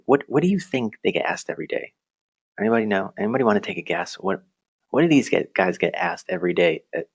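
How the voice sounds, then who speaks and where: A man's voice: lowish voice, gravelly, a bit bright, slightly rough, dry recording. A young man telling a personal story in a class presentation, chatty and self-deprecating, laughing often and asking the audience questions.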